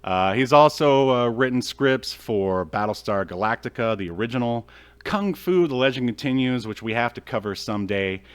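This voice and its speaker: A man hosts a podcast, chatting in a jokey, meandering way full of ums and uhs. His voice sits in a middle pitch. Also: expressive, moderate pace, clean tone. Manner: jokey, filler-heavy. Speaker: podcast host. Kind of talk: casual podcast chat.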